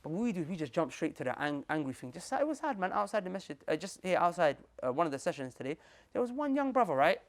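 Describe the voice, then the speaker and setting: A Muslim preacher gives a lively motivational talk to a group, speaking fast in a high-sitting voice. He's animated, repetitive and slangy, and he speaks straight to his listeners.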